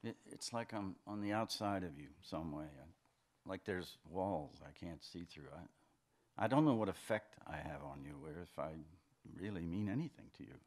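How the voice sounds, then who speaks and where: An insecure, anxious man in a secret affair, read aloud by a man at a live fiction reading. His voice is very deep but swings widely in pitch, and he talks in a hesitant, pleading way, stammering now and then. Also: animated, normal speed, gravelly, darkish tone, full character voice. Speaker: reader of a story's dialogue.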